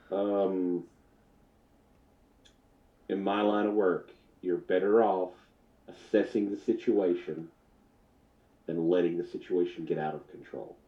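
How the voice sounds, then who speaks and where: A man playing a tabletop role-playing game, laughing often and talking in a halting, easygoing way. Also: low-pitched, steady tone. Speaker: tabletop player. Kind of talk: casual tabletop role-play. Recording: echoey, muffled.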